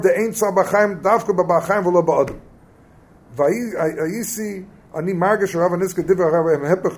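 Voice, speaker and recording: Man, fairly high voice, Talmud class lecture, explanatory, Hebrew terms, questions to students. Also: a little mellow. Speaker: Torah teacher.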